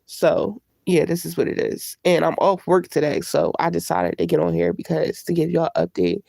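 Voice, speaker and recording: A woman's voice: on the low side, expressive, fairly quick, mellow, no room sound. A woman vlogger chatting candidly on a livestream, congested from a cold. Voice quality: gravelly. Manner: candid, chatty, greets live viewers. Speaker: YouTube vlogger. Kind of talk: casual live-stream chat.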